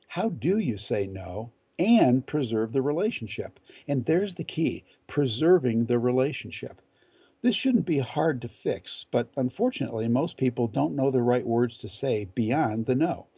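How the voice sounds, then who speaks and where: A man with a gravelly, husky voice talks through a numbered list of advice at a measured pace. His tone is dark and mellow, and the recording is dry and close. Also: medium pitch, big pitch swings, dry recording. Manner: measured, deliberate delivery with quoted example lines. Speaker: etiquette instructor. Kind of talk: numbered advice talk to camera.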